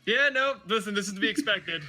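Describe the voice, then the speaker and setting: A man's voice: high voice, expressive, quick pace, sharp tone. A man playing a tabletop game, exasperated and profane as he presses questions in character. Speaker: player.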